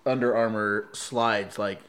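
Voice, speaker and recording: A man in a casual chat, telling a story in an animated way, laughing often and acting out quoted lines. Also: on the low side, slow.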